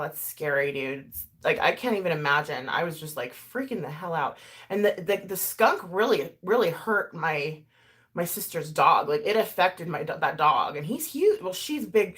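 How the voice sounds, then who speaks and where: A woman chatting casually and rambling through a makeup tutorial, with lots of fillers and asides. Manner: animated, swings in pitch and loudness. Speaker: YouTuber doing a makeup tutorial. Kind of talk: casual chat while doing makeup, talking to live chat.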